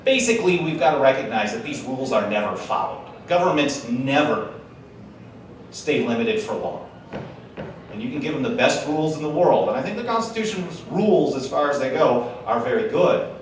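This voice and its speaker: A man's voice: mid-range voice, animated, normal speed, a little hiss or hum. A man from Wisconsin giving a casual, joking speech to a live conference audience, chatty and full of slangy asides. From Wisconsin, USA. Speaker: conference speaker. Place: large conference hall. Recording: echoey hall, mic heard from a distance.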